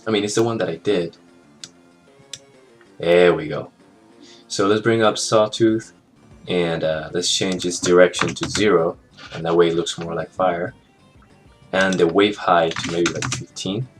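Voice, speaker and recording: A man walking through an animation software tutorial in a casual, think-aloud way, with fillers and small jokes. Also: low voice, steady tone, unhurried, pauses often. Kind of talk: screen-recorded software tutorial narration. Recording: clear background music under the voice.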